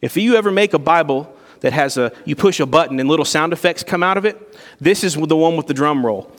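A man's voice: fairly high pitch, fairly quick, big-room sound. A man preaching a sermon to his church, earnest and conversational, with rising emphasis. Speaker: pastor. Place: church sanctuary.

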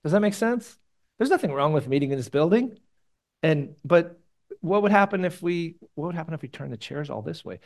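A man's voice: high voice, lively intonation, brisk. A man, a pastor, gives a conversational sermon in a church meeting room, rambling and casual with sudden emphatic rises.

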